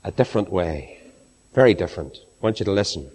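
Lively preaching man in a reverberant hall. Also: brisk, husky. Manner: animated, swinging from high exclamations to low hushed lines. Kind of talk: sermon.

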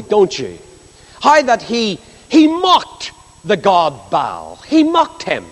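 Animated preacher in a reverberant hall. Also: male voice, high-pitched. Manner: expressive, rising and falling emphasis, asides to the congregation. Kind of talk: sermon with scripture reading.

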